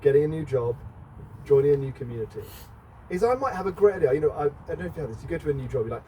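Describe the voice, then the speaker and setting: Mellow preacher, chatty sermon. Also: male voice, medium pitch, big pitch swings, quick pace. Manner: chatty, asks the congregation questions. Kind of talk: conversational sermon. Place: church. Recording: distant mic, faint background noise.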